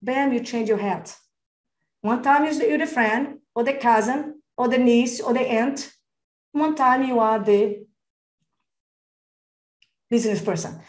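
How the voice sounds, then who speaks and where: Energetic female sales coach, emphatic, addresses people as "darling", on an echoey video call. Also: on the high side, slow, long pauses. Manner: energetic, emphatic, calls attendees by name and "darling"; acts out phone calls and client dialogue. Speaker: real estate business coach. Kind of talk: live coaching session over video call.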